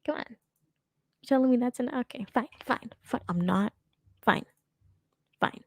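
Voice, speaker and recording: A woman's voice: fairly high pitch, a little slow, no room sound. A young woman hosting a casual reaction commentary, sarcastic and rambling, often laughing as she talks. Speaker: commentary host.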